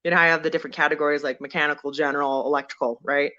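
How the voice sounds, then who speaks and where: A woman guest on a podcast, telling her own story casually and acting out the people in it with big pitch jumps. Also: very fast, muffled recording. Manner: animated, acts out quoted people with sudden jumps in pitch. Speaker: podcast guest, veteran and former firefighter.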